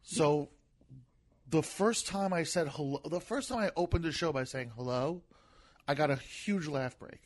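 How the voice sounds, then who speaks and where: Here a comedian, appearing as a podcast guest, talks casually at normal speed in a slightly high voice. It sounds softer and gentler than his appearance, and he frequently repeats himself and restarts sentences.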